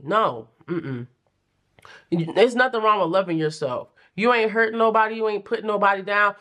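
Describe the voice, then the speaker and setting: A young adult woman giving a casual pick-a-card tarot reading, chatty and animated, with playful slang and frequent laughs. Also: mid-range voice. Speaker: tarot reader.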